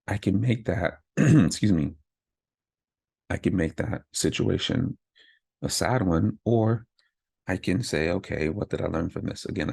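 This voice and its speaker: Deep gravelly man, earnest pep talk. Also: a little mellow, no room sound. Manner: earnest, self-affirming, frequent "right?" asides. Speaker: podcast host. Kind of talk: candid motivational monologue.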